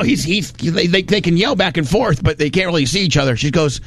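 Man, rambling folksy storyteller, slightly higher voice, dry close sound. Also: a little fast, dry recording. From Indiana. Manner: rambling, folksy, animated when quoting people. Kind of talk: casual storytelling.

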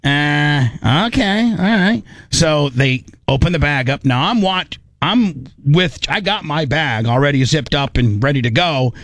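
A man hosting a podcast, telling a story in a rambling, animated way with lots of restarts. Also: fairly high pitch, moderate pace, few pauses, dry recording. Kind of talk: casual storytelling.

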